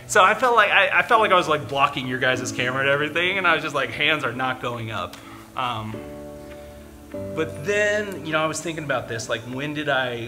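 A man giving a candid personal testimony in church, telling his story with lots of fillers and restarts. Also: medium pitch.

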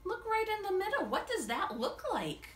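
A woman teacher reading a picture book aloud to a child in an animated way, stopping to ask the child questions. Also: very high voice, normal speed, reverberant, far from the mic. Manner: animated, asks the listener questions.

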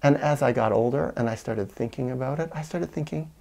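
Man, American accent, personal storytelling, gravelly, warm and dark tone. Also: fairly quick. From United States. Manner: reflective, reenacts quoted dialogue with whispers and raised pitch. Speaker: video essayist on parenting.

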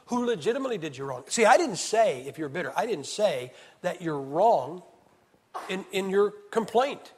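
A man preaching an evangelist's sermon at a camp meeting, swinging from loud to hushed. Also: high-pitched, breathy edge. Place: church hall. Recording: reverberant hall sound.

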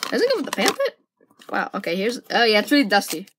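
Rambling excitable girl on a noisy camera. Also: medium pitch, quick pace. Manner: rambling, excitable, thinks aloud. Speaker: vlogger unboxing puzzle cubes. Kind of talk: casual unboxing chatter. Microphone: built-in camera mic. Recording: noisy amateur camera recording.

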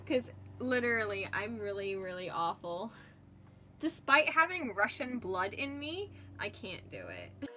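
Giggly, slow-talking young woman at home. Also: mid-range voice, sing-song, sharp tone, slight background noise. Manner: chatty, giggly, self-deprecating. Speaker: cosplayer. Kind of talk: casual vlog narration while crafting. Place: home sewing room.

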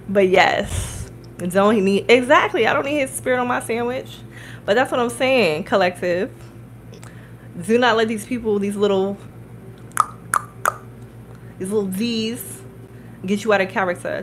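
A woman giving a casual tarot reading, telling a story in a chatty, animated way, laughing often and checking in with her listeners. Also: mid-range voice, a little hiss or hum, low-quality recording. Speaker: tarot reader and spiritual coach.

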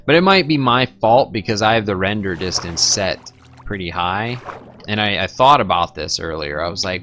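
A man's voice: lively intonation, normal speed, a bit bright, a little hiss or hum. A young man rambling casually through gameplay commentary, joking and going off on tangents. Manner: rambling, joking, talks to his pets in a squeaky baby voice. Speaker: gaming streamer.

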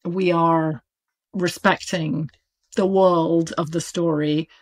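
Speaking slowly in a fairly low, steady voice, a British woman who works as an audiobook publisher chats as a guest in a casual interview. She talks animatedly, full of fillers and laughs.

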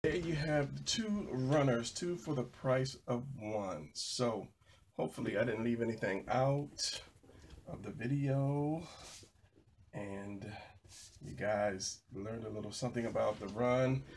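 A man narrating a drawing tutorial while he sketches, low-key and sleepy from an early start. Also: a little slow, a little mellow, a little hiss or hum. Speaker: drawing instructor.

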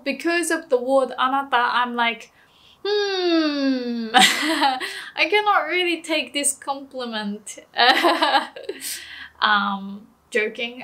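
A woman's voice: on the high side, pushed and bright. A young woman teaching a language lesson in a casual, playful way, laughing often and acting out example phrases.

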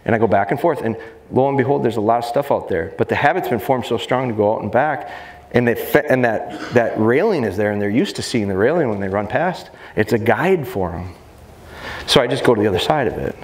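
Animated man teaching in an echoey hall. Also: medium pitch, a little fast. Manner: animated, demonstrative, jokey. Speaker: dog trainer. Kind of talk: live seminar talk. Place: expo seminar hall. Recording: echoey hall, faint background noise.

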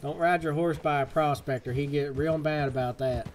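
A man's voice: a little high, steady tone, normal speed. A young man casually commenting on a game he is playing live, joking in a put-on folksy cowboy drawl. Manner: jokey, fake folksy cowboy talk. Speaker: gaming streamer. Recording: game music playing underneath.

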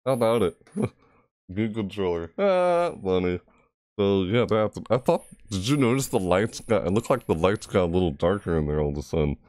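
A man's voice: low voice, brisk, a little mellow, no echo. A man hosting a horror game let's play, talking through it, grumbling at the game and yelping when startled. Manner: jumpy, yelps and cries out at scares, grumbling at the game. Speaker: gaming channel host.

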